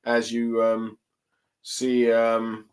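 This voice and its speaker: Man, young adult, solo reviewer, casual recap, halting, lots of fillers. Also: mid-range voice, monotone, poor audio. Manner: halting, many ums and let's sees. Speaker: chapter reviewer.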